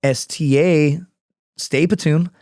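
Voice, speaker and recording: A man's voice: fairly high pitch, steady tone, slow pace, a little mellow, no room sound, studio quality. A man talking as a podcast guest, in a casual, profane, storytelling manner. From United States. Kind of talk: casual interview chat.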